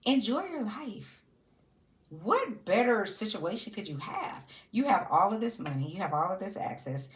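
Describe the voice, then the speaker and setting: A woman's voice: medium pitch, sing-song, moderate pace. A woman giving casual, sassy reality TV commentary. She laughs often and talks to her subjects directly.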